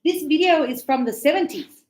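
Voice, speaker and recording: Australian woman, English teacher, chatty explaining, acts out examples, slightly high voice, echoey room. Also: lively intonation, moderate pace, a little mellow. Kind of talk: online language lesson.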